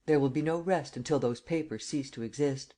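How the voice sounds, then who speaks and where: A man voicing a commanding imperial visitor who speaks calmly and evenly, in an audiobook reading. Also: a little high, brisk, natural voice. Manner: calm, even, stating rather than asking.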